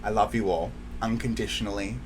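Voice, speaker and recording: A man hosting his channel in an emotional, heartfelt monologue to the camera, near tears, swinging between hushed lines and loud bursts. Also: lowish voice, steady tone, fairly quick, a little hiss or hum. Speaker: channel host.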